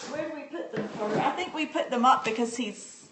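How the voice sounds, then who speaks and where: Chatty high-voiced woman in an echoey room. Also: fairly quick. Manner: chatty, answers viewer comments, frequent fillers and restarts. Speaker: homeschooling parent demonstrating a reading book. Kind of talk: casual live-stream demo. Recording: echoey room with faint background noise.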